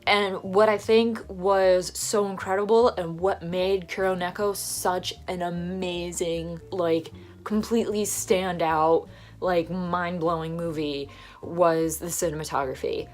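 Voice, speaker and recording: Gushing young woman with a lowish voice. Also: fairly even intonation, takes it slowly, soft background music. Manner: gushing, many fillers. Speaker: film reviewer. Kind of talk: casual film review.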